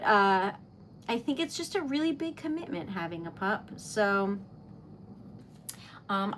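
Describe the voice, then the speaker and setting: A young woman hosting a relaxed livestream, chatting casually with viewers as she crafts, rambling and giggling often. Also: mid-range voice, slight background noise. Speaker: livestream host. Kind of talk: casual chat while crafting.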